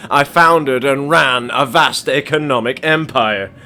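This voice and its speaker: A man voicing a ruthless, centuries-old male billionaire in a homemade monologue, stern and deliberate with a slight twang. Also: medium pitch, pushed and bright. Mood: cold. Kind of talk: amateur voice acting monologue.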